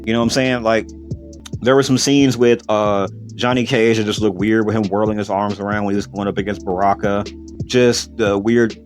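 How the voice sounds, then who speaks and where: Profane ranting man, low voice. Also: steady tone, normal speed, faint music behind. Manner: blunt, profane, rambling with fillers and repeats. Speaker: podcast host. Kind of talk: casual movie review rant.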